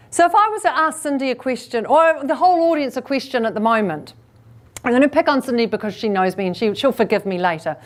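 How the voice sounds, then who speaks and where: A woman public speaking coach giving a keynote speech to a live audience. She plays out quick asides and leans on deliberate pauses and shifts in pace. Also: on the high side. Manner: lively, acts out listeners' inner thoughts in quick asides.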